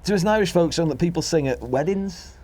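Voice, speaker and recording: A man's voice: fairly high pitch, lively intonation, quick pace, darkish tone. A young Welsh man with a Welsh accent, co-hosting a podcast in casual chat, telling a rambling, chatty anecdote. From Wales. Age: young adult. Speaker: podcast co-host.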